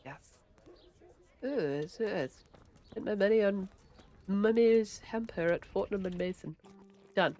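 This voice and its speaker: While streaming a game, a woman chats casually, giggling and swearing freely. Her voice is medium-pitched and dark in tone, and she talks slowly with long pauses.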